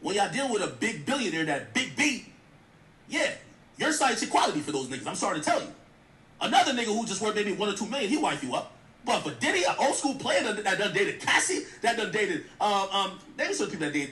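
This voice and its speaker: A man's voice: sits high, big pitch swings, quick pace, bright, forceful tone, echoey room, distant mic, a little hiss or hum. A man giving blunt, profane, mocking commentary in a rant. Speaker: streamer commentator. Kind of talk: ranting commentary.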